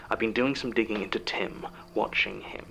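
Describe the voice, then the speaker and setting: A tense archivist. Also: male voice, lowish voice, fairly even intonation, moderate pace, creaky, rough recording. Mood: hushed suspicious. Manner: hushed and suspicious. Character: tense secretive male archivist. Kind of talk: audio drama acting. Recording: audio drama with humming noise.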